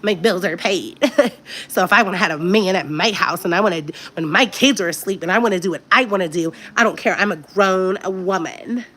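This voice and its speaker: A woman's voice: medium pitch, fairly quick, fairly bright tone. A woman hosting a casual livestream chat, talking candidly and directly to her viewers. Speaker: livestream host.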